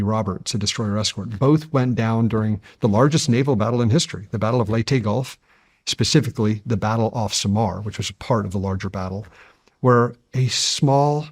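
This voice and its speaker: A man in his fifties speaks as a guest in a studio interview. His voice sits at an ordinary pitch, and his delivery is measured and earnest, warming into animated storytelling. The close mic sounds dry, with no room echo. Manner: measured and earnest, building to animated when recounting history. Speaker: guest, deep-sea explorer.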